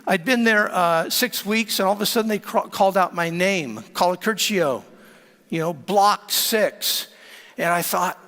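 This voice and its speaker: A man preaching and telling a personal testimony in a dramatic, animated way, often stammering and repeating words. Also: high voice, normal speed. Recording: long hall reverb.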